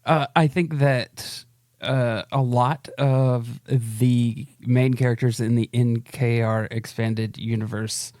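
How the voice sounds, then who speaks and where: A man co-hosts a relaxed podcast, chatting about books in an easygoing, self-deprecating way. He pauses often on fillers. The recording is dry, close to the mic. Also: medium pitch, no room sound. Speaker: podcast co-host. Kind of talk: casual book chat.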